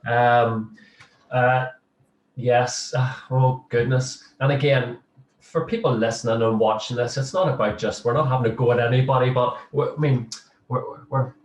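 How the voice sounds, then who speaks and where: A man's voice: mid-range voice, steady tone, normal speed, a little hiss or hum. A middle-aged man, a social work lecturer, chatting humorously in an interview with many restarts. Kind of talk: casual interview chat. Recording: roomy, distant mic.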